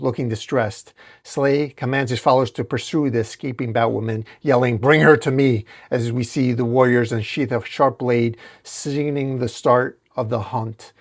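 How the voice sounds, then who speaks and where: Comic channel host guy reading out a story, steady, middle pitch. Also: creaky. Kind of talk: dramatic comic recap narration.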